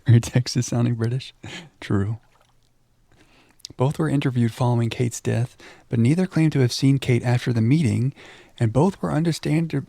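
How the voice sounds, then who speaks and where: A man's voice: mid-range voice, moderate pace, gravelly, dark tone, no room sound. A young man from Texas reading game text aloud and chatting casually with viewers as he plays. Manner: reads on-screen text aloud, then chats with viewers. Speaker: streamer.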